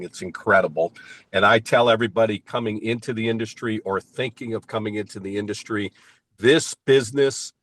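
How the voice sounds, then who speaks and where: An older man who leads a payments sales team talks from inside his car during an interview. His voice is fairly low and a bit bright, and his answers about his sales work are emphatic, enthusiastic and motivational.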